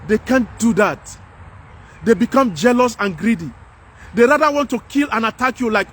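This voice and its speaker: A man's voice: very high-pitched, lively intonation, moderate pace, a bit bright, breathy edge. A man with a Nigerian accent delivering a passionate, repetitive monologue, lecturing his listeners outdoors. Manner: preachy, repetitive, emphatic. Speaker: commentator. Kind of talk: impassioned monologue.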